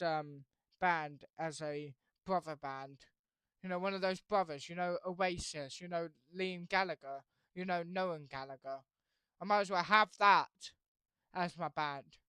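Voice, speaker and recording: A woman hosting her channel, rambling through made-up band lore with stammering restarts, swinging between mumbling and loud exclaiming. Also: fairly high pitch, no echo, studio quality. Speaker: channel host.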